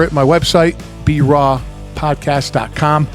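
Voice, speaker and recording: A man hosting a casual podcast, his voice sitting a bit high for a man. He talks in a loose, chatty way, full of swearing and quick asides. Light guitar music runs faintly behind him. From upstate New York. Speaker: podcast host.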